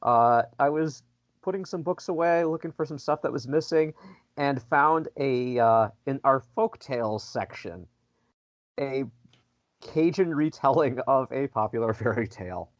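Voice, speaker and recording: A man who works as a librarian, chatting playfully on a book podcast and spinning quick jokey stories. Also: mid-range voice, animated, dry recording, lo-fi sound. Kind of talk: casual book-club chat.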